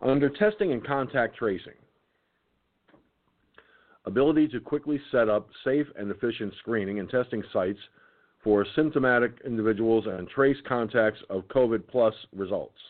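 A tired man at medium pitch hosts an internet radio show, yawning repeatedly as he haltingly reads a document aloud and adds his own comments. He stumbles and restarts words, and the audio sounds tinny, like a phone line.

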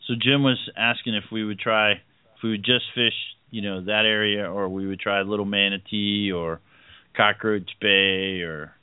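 A man's voice: fairly low pitch, steady tone, moderate pace, clean tone, no room sound. A man hosting a casual radio chat, easygoing and rambling, with many fillers and chuckles. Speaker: host. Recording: tinny phone-like line.

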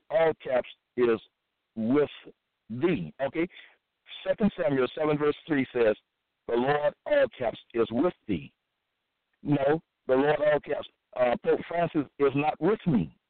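A man reading scripture aloud in a halting, repetitive monologue, with frequent fillers and restarts. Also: a little high, animated, no echo. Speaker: self-styled preacher. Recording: dry, tinny phone-like sound.

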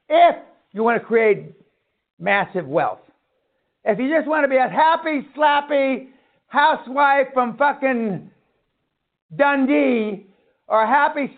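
A man giving a blunt, profane motivational lecture at a seminar, swearing and ranting. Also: sits high. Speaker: seminar speaker on radio. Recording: tinny phone-like line.

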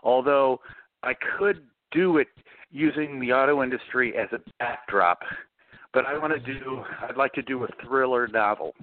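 A middle-aged man, a guest author, answering interview questions with lively storytelling and acting out the voices he quotes. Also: mid-range voice, moderate pace, dry recording. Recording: dry, tinny phone line.

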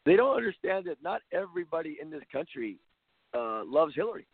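A man's voice: a little high, sing-song, a little fast, vocal fry, slightly rough, no room sound. A man hosting a talk show as a basketball coach, ranting bluntly and sarcastically with lots of repetition. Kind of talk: opinionated talk-radio rant. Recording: phone-line sound, dry.

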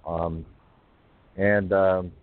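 Rambling deep-voiced man on a phone line. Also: level tone. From North Carolina. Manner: rambling, halting with many fillers. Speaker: poetry radio show host. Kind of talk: casual call-in chat.

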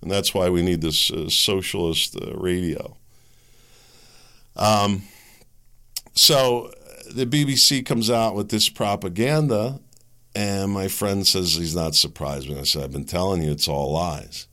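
Deep gravelly guy ranting on his podcast, sarcastic laughs, lots of rhetorical questions. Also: bright, forceful tone. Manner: rhetorical questions, halting restarts. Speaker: podcast host. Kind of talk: opinion podcast monologue.

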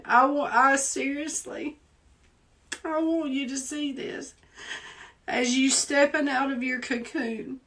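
A woman's voice: a little high, fairly bright tone. A woman with a Southern accent, a preacher leading a fervent live prayer, repeating phrases for emphasis and holding back tears. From Southern United States. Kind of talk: live prayer and prophetic exhortation.

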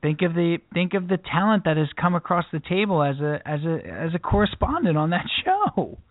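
A man's voice: on the high side, very animated, fairly quick, no echo. Lo-fi rambling male podcast co-host. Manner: rambling storyteller with many restarts. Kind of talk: casual chat. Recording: dry phone-like lo-fi sound.

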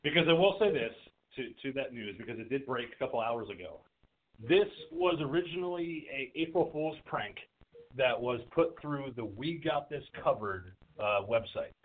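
A man co-hosting a horror film podcast, chatting casually, animated and laughing, with frequent swearing. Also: mid-range voice, moderate pace. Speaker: podcast host. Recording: tinny dry phone-like line.

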